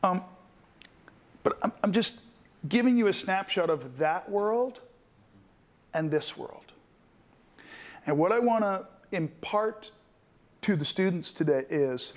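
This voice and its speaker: A man, telling a lively story to a room of students and acting out the people in it. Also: high-pitched, slow, long pauses. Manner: animated storyteller, acts out voices in quotes. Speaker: guest actor.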